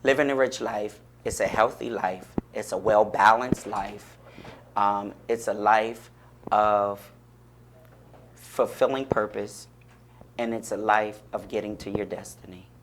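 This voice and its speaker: A man's voice: on the low side, fairly even intonation, unhurried, background noise. A man guest on a radio talk show, speaking in a fervent, encouraging, preacherly way about faith and support. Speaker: guest, author and pastor-like speaker. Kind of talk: radio interview, inspirational talk. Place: radio studio.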